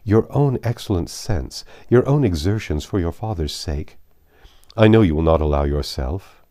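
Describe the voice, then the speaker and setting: A man reading a grave older gentleman's lines in a classic novel, speaking in a heartfelt way. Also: low voice, expressive, moderate pace, dry recording, clean studio sound.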